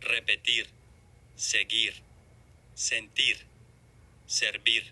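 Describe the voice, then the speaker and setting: A man reading lesson examples as a word list, slowly and deliberately, one word at a time. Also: fairly low pitch, little pitch movement, bright, forceful tone. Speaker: model speaker reading examples.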